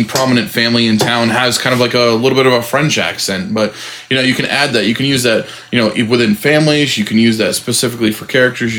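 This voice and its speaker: A relaxed man co-hosting a podcast about tabletop role-playing games. His voice sits at a middle pitch, and he talks loosely, full of fillers and quick laughs. He explains his ideas as a game master. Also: a little hiss or hum.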